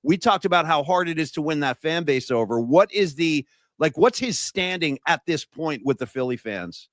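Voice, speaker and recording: A man's voice: fairly high pitch, expressive, normal speed, no echo, clean studio sound. A man hosting a podcast, friendly and laid-back as he interviews his guest. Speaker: podcast host.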